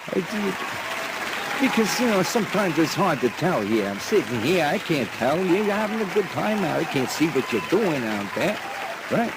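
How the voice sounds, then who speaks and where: A man's voice: fairly high pitch, sing-song, normal speed, a faint crowd, slight background noise. A man hosting a sarcastic news commentary show, rambling and mocking, often repeating himself. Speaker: host.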